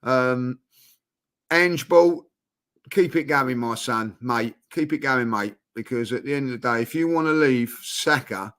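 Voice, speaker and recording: A man's voice: mid-range voice, unhurried, fairly bright tone. A man, tired out, chatting bluntly and animatedly about football as co-host. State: exhausted. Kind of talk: casual football chat.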